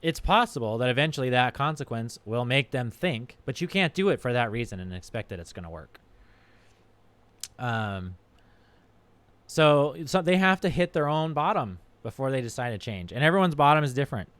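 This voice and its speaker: A man's voice: mid-range voice, big pitch swings, moderate pace, fairly bright tone, smooth, no echo. A man who is a doctor, talking frankly and casually on a livestream, with a bit of swearing. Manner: frank, profane, conversational. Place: home streaming setup.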